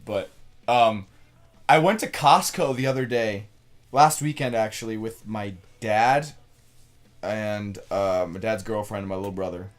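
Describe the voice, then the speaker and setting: A man's voice: fairly low pitch, measured pace. A young man co-hosting a casual podcast, telling a story with crude swearing and frequent laughter. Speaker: podcast co-host.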